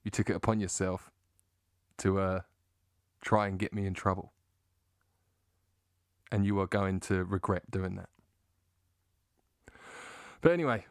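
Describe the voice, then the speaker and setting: A man's voice: on the low side, fairly even intonation, takes it slowly, long pauses, clear, resonant tone, no room sound, studio quality. Blunt, sarcastic man ranting. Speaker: vlogger. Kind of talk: ranting monologue to camera.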